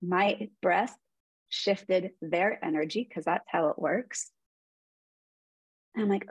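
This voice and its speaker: An earnest woman in her forties tells stories in a conversational interview. Her voice is a bit husky and breathy. The sound is dry and close. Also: lowish voice, slow pace, pauses often, no echo, poor audio. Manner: earnest storytelling. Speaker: guest.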